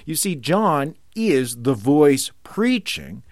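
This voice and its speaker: A man's voice: a little high, big pitch swings, slow pace, a little mellow, no room sound, studio quality. A man preaching a sermon, building to ringing emphasis when he quotes scripture.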